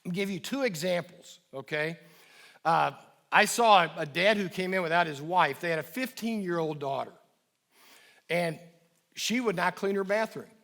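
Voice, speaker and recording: Older male speaker, high-pitched, dynamic talk to a live audience on parenting. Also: normal speed. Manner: dynamic, swings from emphatic to soft and low.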